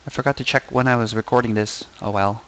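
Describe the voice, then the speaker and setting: A man's voice: medium pitch, steady tone, quick pace, a little hiss or hum, rough recording. A young man casually commenting while playing a game, playful and giddy, often singing and muttering to himself. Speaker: gaming video host.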